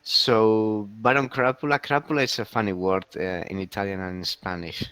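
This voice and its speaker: A man co-hosting a casual game league recap, talking with many pauses and restarts. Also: on the low side, fairly even intonation, a bit bright, smooth, no room sound. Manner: hesitant, many fillers and restarts.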